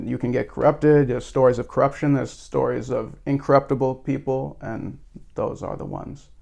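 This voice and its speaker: A man's voice: medium pitch, creaky, a little mellow. A man hosting a video, talking through a movie in a rambling, casual, tongue-in-cheek way. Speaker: video host.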